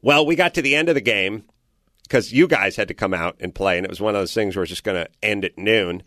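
A man's voice: on the low side, quick pace, dry recording, clean studio sound. A man hosting a radio talk show, telling a story with lots of swearing and acting out both sides. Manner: animated, profane, acts out both sides of the story. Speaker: radio host. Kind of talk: casual storytelling.

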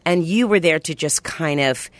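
A middle-aged woman chatting as a guest in an interview, animated and quick to jump up in pitch. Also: no echo. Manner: animated, pitch jumps high when excited. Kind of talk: casual interview chat.

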